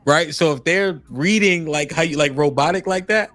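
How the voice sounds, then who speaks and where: A man's voice: a little high, moderate pace, fairly bright tone, no echo. Man, podcast host, casual chat, laid-back explaining, dry close mic, faint music. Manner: laid-back, explanatory, says "right?" often. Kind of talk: casual conversation.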